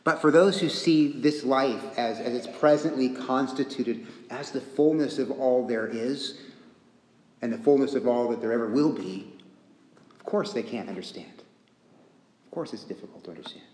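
A man preaching a sermon in an earnest, deliberate way, repeating phrases and pausing often. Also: medium pitch, a little mellow, slight background noise. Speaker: pastor. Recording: echoey church hall with long reverb.

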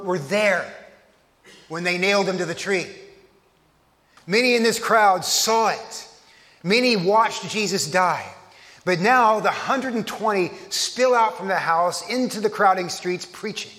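A man's voice: high-pitched, a bit bright, long reverb tail. A man from Texas, preaching a conversational sermon as pastor, often restarting his phrases.

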